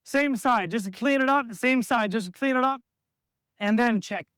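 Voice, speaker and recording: High-voiced man coaching basketball drills. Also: normal speed, fairly bright tone, clean tone, no room sound, studio quality. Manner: instructive, calls out drills, acts out player calls. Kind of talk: coaching at practice.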